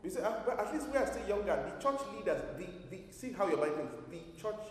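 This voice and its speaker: A man's voice: high-pitched, expressive, fast, a little hiss or hum. A man preaching a sermon to his congregation, emphatic, full of rhetorical questions. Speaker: pastor. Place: church hall. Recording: echoey hall from far off.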